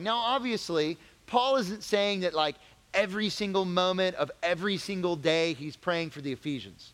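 A man preaching to teens in a church hall, his fairly high voice carrying a long reverb. He talks casually, then builds to pressing, emphatic questions. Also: normal speed. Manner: animated, conversational, rising to emphatic questions. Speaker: youth pastor. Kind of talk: youth group Bible lesson.

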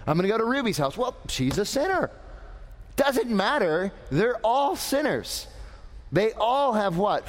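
A male preacher teaches young people in a slow, deliberate delivery, his fairly high voice rising and falling widely. He talks in an animated way and quizzes his listeners. The room carries a long reverb. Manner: animated, asks the audience questions. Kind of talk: lively sermon.

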